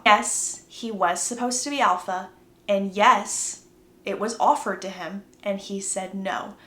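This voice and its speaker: A young woman casually retelling a book plot, chatty and acting out the characters' lines in quick voices. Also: medium pitch, a bit bright, reverberant. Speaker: book recap creator.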